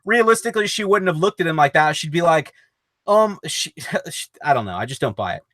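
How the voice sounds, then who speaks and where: Man co-host, slightly higher voice, dry sound, skeptical and argumentative. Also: expressive, fairly quick, fairly bright tone, no echo. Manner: skeptical, argumentative, swears casually. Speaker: podcast co-host. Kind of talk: casual film discussion.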